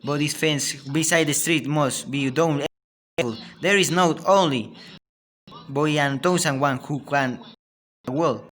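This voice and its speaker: A clever, scheming young boy, as a man with a Spanish accent puts him on in a storybook read-aloud. The voice sits higher and louder than the reader's own and stays emphatic. The reading is halting, with stumbles. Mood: pleading.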